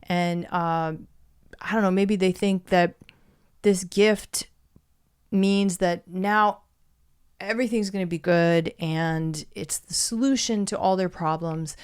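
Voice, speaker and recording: A woman's voice: fairly low pitch, steady tone, slow pace, darkish tone, smooth. A woman casually retelling an old myth and reflecting on why stories matter, in a thoughtful way. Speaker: storyteller. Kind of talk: reflective storytelling monologue.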